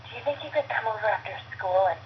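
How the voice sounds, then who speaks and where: A woman voicing a steamy, flirtatious divorced mother, breathy and whispery with heavy innuendo, over a phone line. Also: a little high, quick pace, a little hiss or hum, pitched above the performer's own voice, lightly acted. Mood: seductive. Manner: sultry innuendo. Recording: dull speakerphone line.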